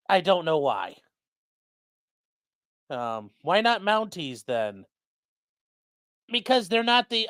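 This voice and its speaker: Speaking in a smooth, medium-pitched voice with a dry, studio-quality recording, this streamer hangs out at home, reading chat comments aloud. The talk is animated and rambling, full of swearing, with the host calming a dog now and then.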